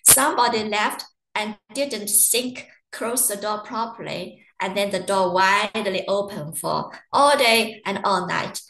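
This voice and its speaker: A woman's voice: mid-range voice, measured pace, few pauses, a bit bright, reverberant, low-quality recording. A woman telling stories in a chatty, casual way during a university webinar. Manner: chatty, storytelling with acted quotes. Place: living in Ireland.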